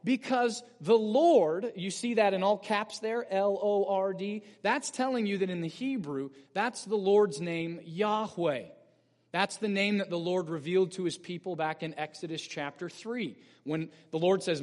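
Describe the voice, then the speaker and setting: A man with a notably high voice preaches a sermon in an earnest, explanatory manner, pushing up with emphasis on key points. His voice carries a long reverb tail from a church sanctuary. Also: expressive, unhurried. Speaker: pastor.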